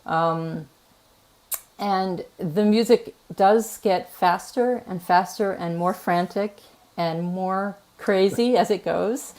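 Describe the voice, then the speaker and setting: A woman oboist chatting casually on stage, telling an animated story and laughing often. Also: mid-range voice. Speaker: oboist and host. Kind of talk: casual onstage chat. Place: museum performance space.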